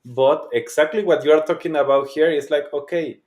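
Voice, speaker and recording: A man's voice: on the high side, moderate pace, a little mellow, echoey room, muffled recording. A man hosting an interview show, responding to his guest in an encouraging, reflective way. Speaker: host. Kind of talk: conversational interview.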